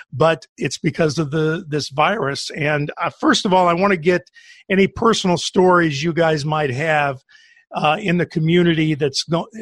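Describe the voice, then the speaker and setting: A man hosting a local podcast, speaking in a measured, scripted way over a video call. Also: fairly high pitch, fairly bright tone, no room sound. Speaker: podcast host.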